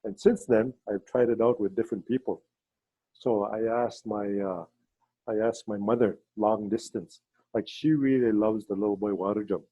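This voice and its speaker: Husky low-voiced man telling stories. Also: fairly even intonation, dark tone, dry recording, highs cut off. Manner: halting, with many fillers and restarts, voices quoted people in a higher pitch. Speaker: ceremony leader and storyteller. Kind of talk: storytelling talk on a video call.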